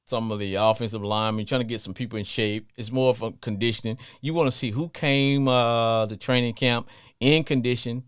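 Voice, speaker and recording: A middle-aged man with a Southern accent hosting a casual sports talk radio show, playful and animated. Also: mid-range voice, fairly quick, smooth, no echo, clean studio sound. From Southern US, family from Louisiana. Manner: animated, playful, breaks into song snippets.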